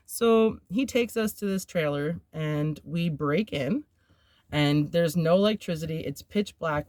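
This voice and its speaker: A woman's voice: deep voice, a little mellow, dry recording, studio quality. A woman hosting a podcast, telling a personal story in a candid, rambling way, with filler words and nervous laughs. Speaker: podcast host.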